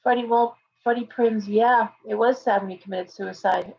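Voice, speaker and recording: Hosting a laid-back livestream as a tarot reader, this woman reads viewer comments out loud while speaking earnestly and rambling, full of fillers and restarts. Her voice sits on the high side with fairly even intonation and a moderate pace, and the audio sounds dull.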